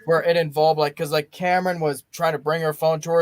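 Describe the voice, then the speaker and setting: A man's voice: fairly high pitch, steady tone, fast talker, hardly any pauses, a little mellow, no echo. A young man hosting a casual movie watch-along, rambling enthusiastically with frequent restarts. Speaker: podcast host.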